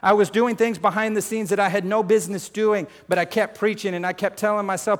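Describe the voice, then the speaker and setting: Preacher guy, slightly high voice, swings loud to hushed, calls the crowd folks, long hall echo. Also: fairly even intonation, brisk, hardly any pauses. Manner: conversational, addresses crowd as folks and family. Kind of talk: sermon.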